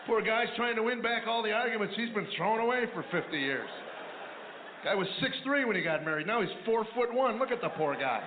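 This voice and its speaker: A man doing a stand-up comedy routine, telling stories about marriage in a dry, deadpan way, with mumbling asides in other voices. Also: high voice, brisk, background noise. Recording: echoey, tinny lo-fi radio replay of a live set.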